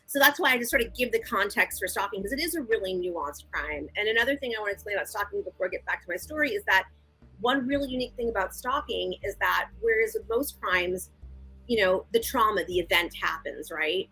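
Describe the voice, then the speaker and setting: A woman guest and victim advocate, telling her story in a frank, animated, conversational interview. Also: mid-range voice, a little fast, slightly rough, poor audio.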